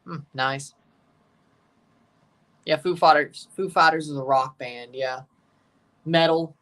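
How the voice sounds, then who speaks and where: A man's voice: a little high, slow pace. Man calling soccer from far off. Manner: excitable play-by-play mixed with chatty replies to viewers. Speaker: livestream host reacting to a soccer match. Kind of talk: casual watchalong commentary.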